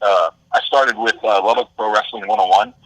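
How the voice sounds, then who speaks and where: A man's voice: fairly low pitch, steady tone, fairly quick, fairly bright tone, no room sound, low-quality recording. A young man, a wrestler answering podcast interview questions in an easygoing way, full of "uh" and "you know". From Texas. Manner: easygoing, filler-heavy with many "uh" and "you know". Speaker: guest, independent wrestler.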